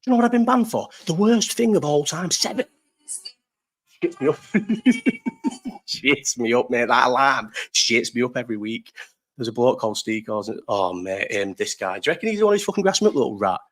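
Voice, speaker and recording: A man's voice: medium pitch, expressive, moderate pace. A man in his thirties hosting a casual live chat, rambling through stories, swearing freely and laughing often. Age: 30s. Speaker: live stream host. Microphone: desk mic set too low.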